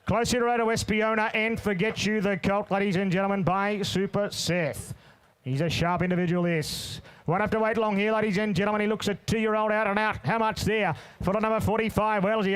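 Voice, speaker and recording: A man runs a horse auction in a quick rolling chant. His voice sits high and sounds smooth and crisp. He calls out bidders by name and dares them to go higher. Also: fairly bright tone. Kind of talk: rapid bloodstock auction chant. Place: sale ring.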